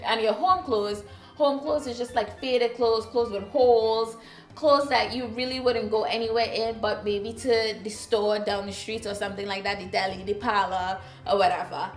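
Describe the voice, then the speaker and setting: A woman's voice: a little high, steady tone, moderate pace, echoey room, faint music behind. A woman from Trinidad with a Trinidadian accent, telling a casual storytime with chatty, sassy asides to viewers. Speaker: vlogger.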